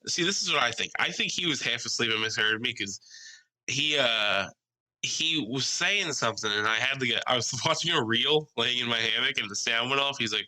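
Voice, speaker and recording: Bright-voiced man telling rowdy stories. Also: mid-range voice, normal speed, low-quality recording. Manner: animated storyteller, swears freely, mimics voices. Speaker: podcast co-host. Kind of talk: casual podcast chat.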